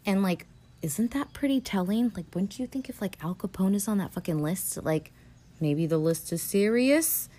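A woman's voice: medium pitch, lively intonation, moderate pace, dark tone. A woman hosting a podcast, recapping a film in a rambling, casual way with lots of fillers and swearing. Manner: rambling, profane, filler-heavy. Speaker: podcast host.

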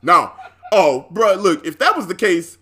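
A man tells a story on his podcast in loose, casual chat. He acts out every other person in the story, laughs a lot and swears freely. His voice sits high and bright and swings widely in pitch. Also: very animated, unhurried, slightly rough. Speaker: podcast co-host.

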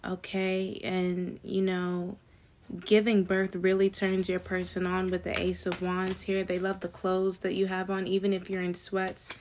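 Woman tarot reader, low and level, chatty slangy delivery. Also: a little slow, slight background noise. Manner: chatty and slangy, with excited asides. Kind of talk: casual tarot reading to viewers.

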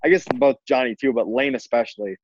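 A man's voice: mid-range voice, fast talker, a little hiss or hum. Rambling teen guy on a dull call. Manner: rambling, many restarts and likes. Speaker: student. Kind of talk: casual chat with friends on a call.

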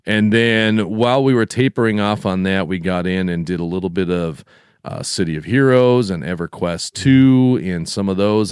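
A middle-aged man co-hosting a podcast, talking in a relaxed, rambling way with restarts. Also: low-pitched, smooth, dry recording, studio quality. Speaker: podcast co-host. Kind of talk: casual chat.

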